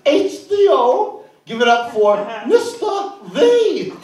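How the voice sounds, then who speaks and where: A man's voice: extremely high pitch, big pitch swings, slow pace. A man acting as emcee, announcing the next comic to the crowd. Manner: announcing hype. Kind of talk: club introduction. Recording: echoey noisy club from far off. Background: loud crowd.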